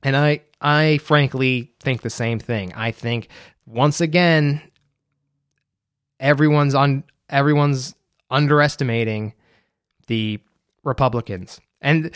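Fairly high in pitch, a young man from the United States runs a solo podcast, rambling loosely and using many fillers. The audio is clean studio sound without echo.

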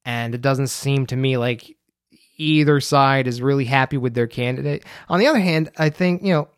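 A young adult American man talks on his own as a podcast host, rambling in a chatty, filler-heavy way. His medium-pitched voice is clear and resonant, moving at a moderate pace. No room sound intrudes on the studio-quality audio.

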